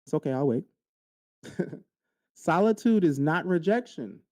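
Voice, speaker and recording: A man's voice: a little high, lively intonation, a little slow, darkish tone, no echo. A man hosting a podcast, speaking straight to his listeners in an earnest motivational monologue and repeating key lines for emphasis. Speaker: podcast host.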